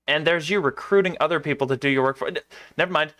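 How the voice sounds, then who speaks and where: A young man talking through a game in a casual let's play, dropping dry, sarcastic asides. His voice is bright and sharp, sitting a bit high. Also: fast talker. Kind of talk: casual gameplay commentary.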